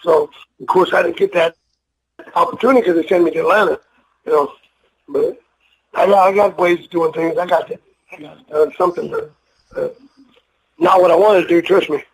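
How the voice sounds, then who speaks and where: The audio is poor, and the older man on it, a retired wrestler, has a slightly high voice with fairly even intonation, a moderate pace, and frequent pauses. Over a casual interview he spins rambling, profane, heartfelt tales and acts out the voices.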